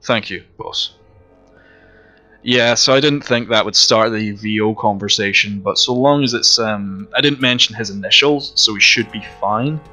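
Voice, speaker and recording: A man's voice: fairly low pitch, normal speed, hardly any pauses, sharp tone, faint music behind. A man giving casual, rambling and profane commentary while playing a video game. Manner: rambling, profane and self-mocking. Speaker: let's play commentator.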